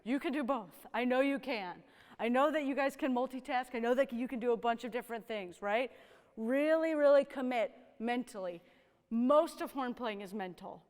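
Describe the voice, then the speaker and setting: A woman's voice: fairly high pitch, darkish tone, big-room sound. A woman horn teacher coaching young players in a rehearsal, upbeat and encouraging, often checking in with "right?". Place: rehearsal room with young musicians.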